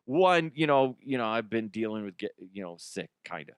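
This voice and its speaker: A man's voice: on the low side, sing-song, normal speed, smooth, no echo, studio quality. A man hosting a comedy podcast, rambling and self-mocking with crude jokes while a little sick with the flu. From Colorado. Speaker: podcast host. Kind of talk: rambling comic monologue.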